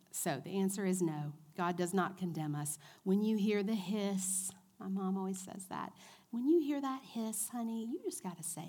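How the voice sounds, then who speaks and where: A woman in her forties giving a church teaching talk to a women's group, chatty and animated, asking her audience questions. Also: mid-range voice, normal speed. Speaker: women's ministry speaker.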